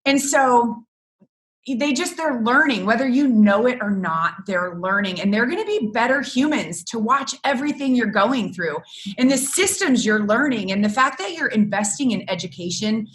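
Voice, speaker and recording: A middle-aged woman with a bright, forceful voice tells family stories in a relaxed interview. She is an animated storyteller who laughs often, and her pitch sits a little high. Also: moderate pace. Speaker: guest, business coach for photographers. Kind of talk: casual interview chat.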